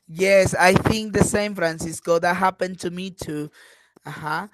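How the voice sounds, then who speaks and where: A woman's voice: on the low side, fairly even intonation, a little slow, no echo, low-quality recording. A woman English teacher leading an online class, patient and encouraging, dropping in frequent uh-huhs.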